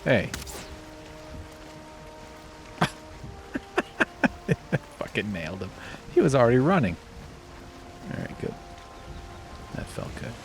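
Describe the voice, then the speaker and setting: A man's voice: mid-range voice, darkish tone, slight background noise. A man streaming a survival game who rambles in casual commentary, swearing freely and joking at his own expense. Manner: rambling, swears freely, self-deprecating jokes.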